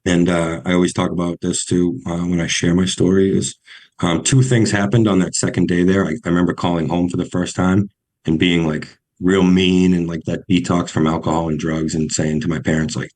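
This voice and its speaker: A young man with a New England accent telling his recovery story on a podcast, halting and full of restarts. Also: sits low, steady tone, darkish tone. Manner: halting, many ums and restarts.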